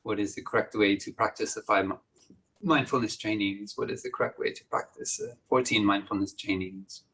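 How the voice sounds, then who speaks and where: Low gravelly monk giving a dharma talk. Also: male voice, poor audio. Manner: gentle, reflective, many pauses and soft laughs. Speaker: monastic dharma teacher.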